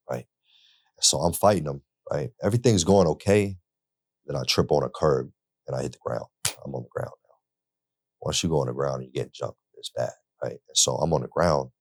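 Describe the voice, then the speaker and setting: A man's voice: rumbling low, fairly even intonation, moderate pace, dry recording, clean studio sound. A young man telling his own story in a loose, conversational way, with lots of "like" and "right?". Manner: laid-back and conversational, full of "like" and "right?". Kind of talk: casual storytelling. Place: interview studio.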